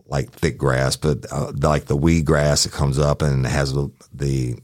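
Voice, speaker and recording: Man, former deputy, folksy profane storyteller; deep voice, dry studio sound. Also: flat delivery, a little slow, darkish tone, no echo. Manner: casual, profane, folksy, addresses listeners as y'all. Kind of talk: true crime storytelling podcast.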